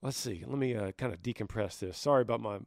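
A podcast host with a lowish, slightly scratchy voice talks fast, recorded with studio quality and no room sound. He gives casual advice earnestly and conversationally, with restarts and soft laughs along the way.

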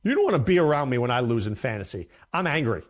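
A man talks straight to his viewers about fantasy football in a loose, conversational way. His voice sits in a middle register but swings up and down with lively emphasis, and he hammers his points home by repeating them. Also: mid-range voice, fast talker. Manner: animated, emphatic, repeats himself. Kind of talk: casual commentary to camera.

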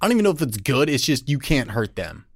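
A man's voice: medium pitch, sing-song, fast talker, husky, dry recording, studio quality. A man co-hosting a comedy podcast, riffing on jokes in casual banter and doing mock voices. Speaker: podcast co-host.

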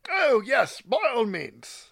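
A man's voice: very high-pitched, wildly swooping pitch, slow pace, gravelly, fairly bright tone, no room sound, pitched above the performer's own voice, exaggerated voice. A man putting on a pompous, florid adventurer. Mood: grandiose. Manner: grandiose and florid. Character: pompous, self-assured male adventurer.

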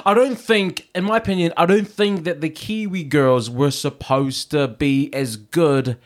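A man's voice: fairly high pitch, fairly even intonation, measured pace. A man co-hosting a casual podcast, playful and teasing, with strong opinions. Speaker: podcast co-host.

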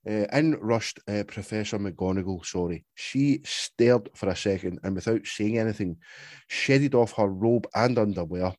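A man's voice: on the low side, dark tone, dry recording. Laughing man reading, dry sound. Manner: laughing, swearing banter. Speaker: podcast co-host. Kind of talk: casual chat and reading aloud.

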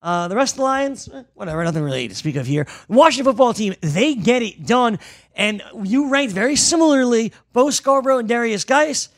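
High, gravelly man with a dramatic delivery. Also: lively intonation, fairly quick, no room sound. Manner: swings from loud outbursts to quiet. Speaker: sports podcast co-host. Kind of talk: casual sports chat and ad reads.

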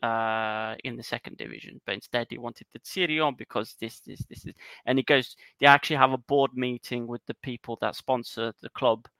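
A man co-hosting a podcast, retelling things in a rambling, animated way with lots of fillers. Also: medium pitch, a little fast, hardly any pauses, dry recording. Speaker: podcast co-host. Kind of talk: casual chat.

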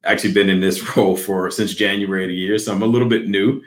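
Deep-voiced male panel guest. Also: fairly even intonation, fast talker. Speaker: guest, logistics executive. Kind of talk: panel interview.

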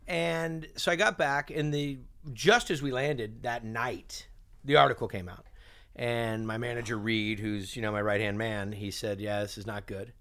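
Lively man telling animated stories. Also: mid-range voice, moderate pace. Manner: lively, acts out other people's lines. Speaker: guest chef and TV host. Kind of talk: animated storytelling.

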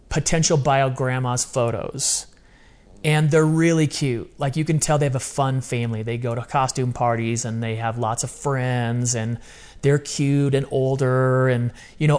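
A man in his fifties telling a personal story in a casual, earnest way, often acting out what he said. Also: mid-range voice. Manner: earnest, animated, quoting himself.

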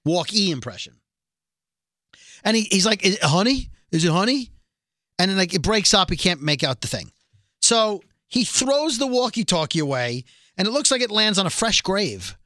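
A man's voice: high-pitched, normal speed, no room sound, clean studio sound. A man co-hosting a podcast, chatting casually and rambling as he recaps a TV episode. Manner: rambling, animated, self-deprecating nerd talk. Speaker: podcast co-host.

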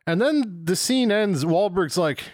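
A man with a slightly high voice rambles through a casual movie review, exasperated and cursing freely. His voice sounds dry and close to the mic, with no room sound. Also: animated, measured pace, dry recording. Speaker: podcast co-host.

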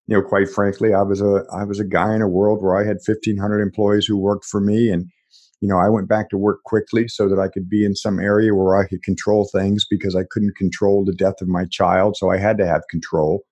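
A middle-aged man, a podcast guest, speaking earnestly and haltingly about personal loss. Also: lowish voice, little pitch movement, darkish tone, husky. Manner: earnest, halting with repeated starts. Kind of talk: reflective conversation.

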